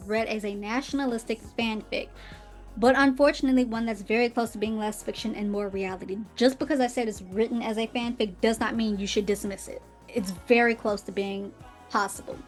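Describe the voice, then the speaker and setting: A woman hosting her own podcast, reading quotes aloud and answering them with sarcastic, emphatic commentary and laughs. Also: fairly high pitch. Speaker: podcast host.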